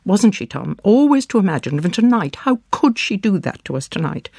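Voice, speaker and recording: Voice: mid-range voice, measured pace, gravelly, a little mellow, dry recording, studio quality. A reader voicing a bedridden mother who is frantic and accusing, then keening in despair, in a dramatic storybook reading.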